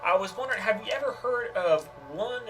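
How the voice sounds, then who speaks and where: A man playing a tabletop game, talking in character as a smooth, persuasive hustler with frequent fillers. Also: high voice, fairly quick, bright, forceful tone. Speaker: player.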